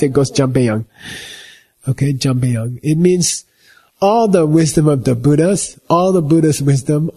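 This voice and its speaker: A middle-aged man teaching a meditation class, explaining with simple everyday examples and often checking in with a quick "okay?". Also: on the high side, mellow, slightly rough. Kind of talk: slow explanatory teaching talk.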